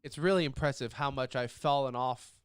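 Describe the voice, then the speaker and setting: A man's voice: medium pitch, fairly quick, clean tone, dry recording, clean studio sound. A man hosting a podcast in a casual chat, his voice a bit nasal from a lingering cough. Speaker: podcast host.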